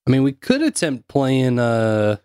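A man with a North Carolina accent co-hosting a stream, relaxed and laughing as he curses. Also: mid-range voice, a little slow, smooth, no room sound, studio quality. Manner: laid-back, laughing, cursing. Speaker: co-host. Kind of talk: casual chat on a live stream.

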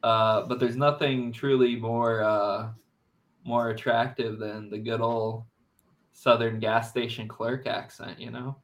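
A man's voice: mid-range voice, little pitch movement, takes it slowly. A man co-hosting a podcast in casual chat, making wry jokes. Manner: wry, joking. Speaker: podcast co-host.

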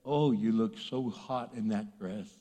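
A preacher acting out the devil as a sly, smooth tempter who flatters in a slightly dropped voice. The words trail off into the long reverb of a big church hall. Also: male voice, lowish voice, measured pace, pitched below the performer's own voice. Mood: flattering.

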